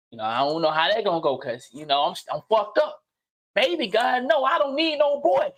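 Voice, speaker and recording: A man hosting a livestream and giving an unscripted motivational monologue, blunt and profane, repeating phrases and swinging from low murmurs to loud outbursts. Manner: blunt, preachy, profane street slang. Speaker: livestream host. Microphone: streaming mic.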